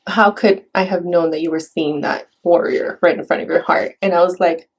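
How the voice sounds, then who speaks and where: Earnest, low-voiced laughing woman. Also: steady tone, slight background noise. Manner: earnest, laughs often, talks in quick bursts. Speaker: spiritual healer, podcast guest. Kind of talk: casual podcast conversation.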